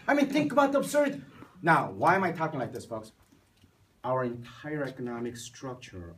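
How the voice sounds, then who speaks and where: A man lecturing a university class, telling stories with rhetorical questions and acting out the people he quotes. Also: fairly high pitch. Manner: animated storytelling with rhetorical questions; emphatic, acts out quoted voices. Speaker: university professor. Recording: distant mic with faint noise.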